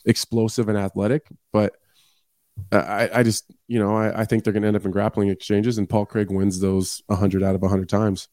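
A man's voice: fairly low pitch, little pitch movement, a little fast, darkish tone, no echo, studio quality. A man appearing as a fighter on a sports talk show, speaking frankly with stammering restarts. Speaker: guest fighter. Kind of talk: casual sports chat.

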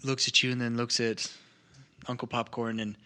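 A male game master narrates a tabletop game in a casual, descriptive way, leaning on fillers. His voice is bright at a middle pitch. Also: level tone, moderate pace.

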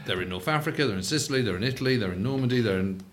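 A man's voice: medium pitch, animated, racing, slight background noise. Man hosting a history chat. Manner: chiming in with short agreements and asides. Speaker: podcast host. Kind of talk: casual interview chat.

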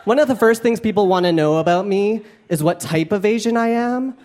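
A man's voice: high voice, brisk, a little mellow, a faint crowd. A young man doing a stand-up comedy set on stage, campy, playful and self-mocking. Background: audience laughter.

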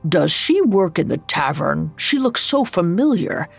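A shaken old miser, played by a woman narrator in a storybook reading, hesitant and pleading. The delivery is slow and slightly gravelly, with faint music under it. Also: on the low side, very animated, no echo, heavily acted. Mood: troubled.

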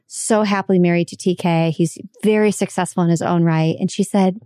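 Animated American woman telling stories. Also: lowish voice, brisk, few pauses, clean tone, no echo, studio quality. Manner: animated storyteller, laughs mid-story. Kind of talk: casual chat.

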